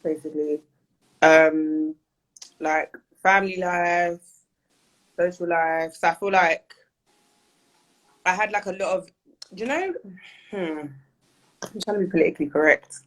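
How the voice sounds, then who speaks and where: A woman guest talking candidly and chattily in an interview over a video call. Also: on the low side. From United Kingdom. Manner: chatty, candid, quick to laugh.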